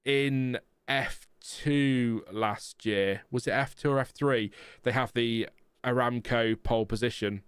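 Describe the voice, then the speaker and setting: A man's voice: medium pitch, fairly even intonation, slow, clear, resonant tone, dry recording, studio quality. Chatty man hosting a live stream. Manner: chatty, rambling, then reeling off lap times. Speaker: livestream host. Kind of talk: casual live watchalong commentary.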